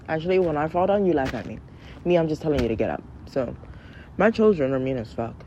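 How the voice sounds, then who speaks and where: A woman in her thirties riffs in a loose, comic monologue, blunt and full of swearing, now and then squeaking out her kids' voices. Her tone sits low and dark. The sound is dull and lo-fi, with a faint hiss of noise underneath. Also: expressive, brisk. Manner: blunt, profane, mimics her kids in high voices. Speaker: podcast host. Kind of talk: casual comedic monologue.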